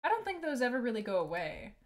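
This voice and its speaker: Woman reading a gentle middle-aged mom. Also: fairly high pitch, huge pitch swings, fast talker. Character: caring middle-aged mother.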